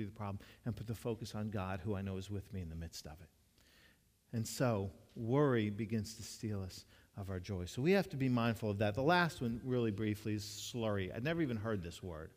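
A man delivers a sermon in a relaxed, conversational way, his mid-range voice carrying a long reverb from a large church hall. He tells his stories earnestly and often restarts or repeats a word before going on. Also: mid-range voice. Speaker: pastor.

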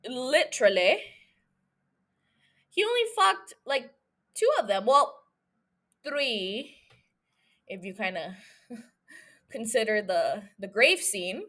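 A woman's voice: a little high, sing-song, slow, long pauses, fairly bright tone. A young woman hosting a podcast alone, rambling through a profane, giggly rant that jumps from one thought to the next. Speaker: solo podcast host.

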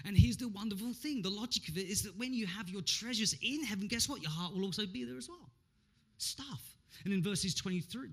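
A man in his thirties preaching a lively, humorous sermon, acting out voices and jokes as he goes. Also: sits high, husky. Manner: animated, humorous, acts out quotes. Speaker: pastor.

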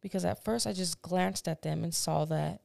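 Podcast lady, low gravelly voice, animated storyteller, dry sound. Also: moderate pace, no room sound. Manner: animated storytelling, acts out voices, laughs often. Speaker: podcast co-host. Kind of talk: casual chat.

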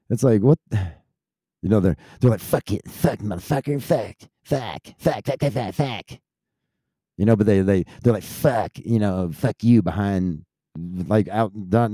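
A man's voice: sits low, mellow, dry recording, studio quality. A man in his thirties who grew up in Texas, ranting casually in a rambling, profane stream. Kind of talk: casual rant.

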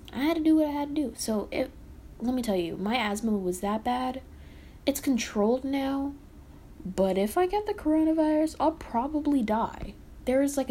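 A young woman ranting casually as a podcast host, rambling and animated, often sighing and cutting herself off. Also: fairly high pitch, a little hiss or hum. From Texas. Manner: rambling and animated, with sighs and self-interruptions. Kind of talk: casual rant.

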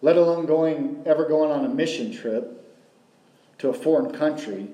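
A man's voice: on the high side, moderate pace, mellow. A male pastor preaching a sermon, asking the congregation rhetorical questions and repeating key phrases. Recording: roomy echo.

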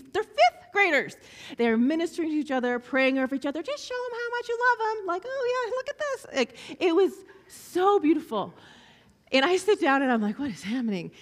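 Woman telling a story in a reverberant hall. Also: medium pitch. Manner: storytelling, acts out voices of children. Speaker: speaker sharing a testimony. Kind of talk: personal testimony talk.

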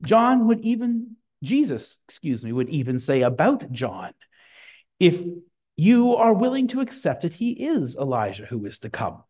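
A man preaching a sermon, emphatic and lively, with casual asides to his congregation. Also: on the high side, measured pace. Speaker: pastor.

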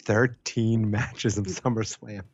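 A man's voice: on the low side, steady tone, takes it slowly, no echo, highs cut off. A man co-hosting a casual wrestling podcast over a call, goofy and teasing, throwing in silly bits. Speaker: podcast co-host.

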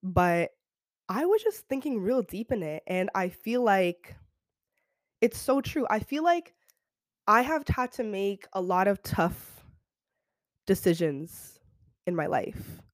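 A young woman hosting her own podcast, talking casually in an animated, slangy way and often checking in with the listener. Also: mid-range voice, no room sound, studio quality. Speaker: podcast host. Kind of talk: casual solo podcast chat.

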